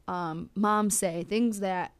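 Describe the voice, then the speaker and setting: A woman's voice: medium pitch, steady tone, slow pace, clean tone, dry recording. A young woman hosting a casual web show, chatting in a bubbly, gushing way with plenty of ums. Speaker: show host. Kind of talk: casual chat.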